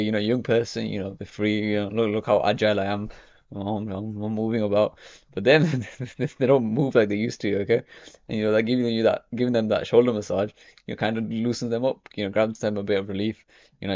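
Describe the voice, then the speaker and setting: Rambling young man, low gravelly voice. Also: a little mellow, no room sound. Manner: rambling, full of "you know" and "okay". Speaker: vlogger. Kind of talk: casual talk to camera. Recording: dry, dull lo-fi audio.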